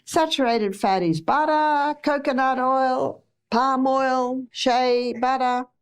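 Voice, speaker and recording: Australian woman, talk to an audience, somewhat high voice, chatty, repeats herself for emphasis. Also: fairly even intonation, slow, clean tone. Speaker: health lecturer.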